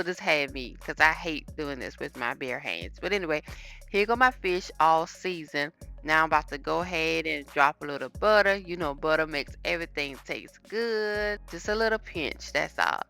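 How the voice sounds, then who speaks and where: Woman home-cook vlogger, low voice with a punchy edge, chatty with viewers, phone-recorded kitchen. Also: vocal fry, pushed and bright. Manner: chatty, talks straight to viewers. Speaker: cooking vlogger. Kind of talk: casual cooking vlog chat. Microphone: phone camera.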